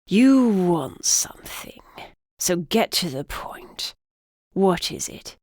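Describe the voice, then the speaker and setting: A snarling, blind old griffin in a man's shape, as a woman narrator puts him on, speaking with a gruff English accent. His voice is low, slow and half-whispered, dry and close, as a storybook villain-ish grump. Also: sing-song, darkish tone, dry recording, exaggerated voice. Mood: sneering. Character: cranky blind old male griffin in human form. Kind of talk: audiobook character voice.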